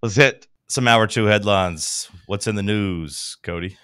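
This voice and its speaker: A man's voice: lowish voice, measured pace, fairly bright tone, clean tone, dry recording. A man hosting a sports radio talk show, jokey and bantering with his co-hosts.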